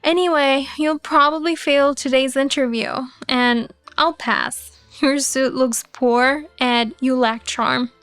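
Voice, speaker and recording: A scornful young man, read by a woman narrator taunts in a slow, drawling way in this storybook tale. The voice is light and high, with faint music underneath. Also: steady tone, fairly bright tone, clear, resonant tone, dry recording, full character voice. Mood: mocking. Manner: mocking, scornful. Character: sneering young man, mocking rival job seeker.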